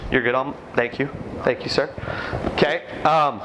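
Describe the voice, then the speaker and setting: A man running a basketball coaching clinic in a gym, giving brisk, commanding drill instructions to players and explaining the ideas to coaches. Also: mid-range voice, fairly even intonation, noisy background. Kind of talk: on-court coaching demonstration. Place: indoor gym.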